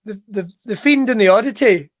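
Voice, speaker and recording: A Scottish man hosting a casual chat show, sweary and excitable in his banter. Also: high-pitched, fairly quick, dry recording, clean studio sound. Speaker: podcast host.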